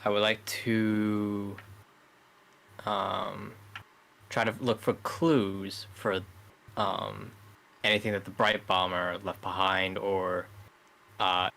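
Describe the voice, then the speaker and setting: A man playing a tabletop game, hesitant and slow to make up his mind. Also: on the low side, level tone, gravelly, sharp tone. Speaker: player.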